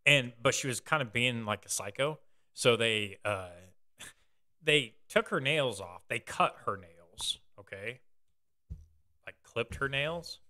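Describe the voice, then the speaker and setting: A man's voice: mid-range voice, expressive, slow, bright, forceful tone. A young man hosting a podcast in casual chat, rambling through a story with loose, swearing banter. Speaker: podcast host.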